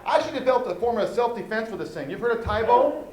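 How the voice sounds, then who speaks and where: A man doing a stand-up comedy set on a club stage, talking animatedly and jumping into loud character voices. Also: very high voice, animated, fast, crowd noise. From Washington State, US. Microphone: handheld stage mic.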